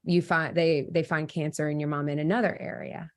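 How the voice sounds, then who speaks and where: A woman's voice: low voice, flat delivery, brisk, darkish tone. A woman co-hosting a podcast, asking questions conversationally with frequent restarts. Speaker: podcast co-host. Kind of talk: conversational interview.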